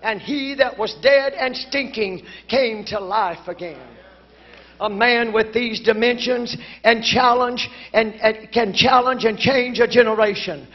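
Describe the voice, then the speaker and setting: A woman preaching a sermon emphatically, building to shouted lines and then dropping to a low, quiet delivery. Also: a little slow. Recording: dull lo-fi conference recording.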